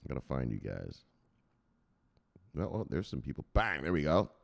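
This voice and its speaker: A man hosting a crypto news channel who jokes and rambles with plenty of profanity. His voice is gravelly and swings widely in pitch. The tone stays loose and chatty throughout. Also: sing-song, normal speed. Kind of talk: casual livestream chat.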